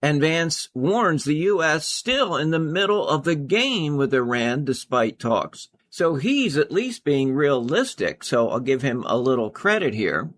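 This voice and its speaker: Slow, sardonic male news commentator. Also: on the high side, fairly bright tone. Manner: sardonic, reads headlines then adds cutting remarks. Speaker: host.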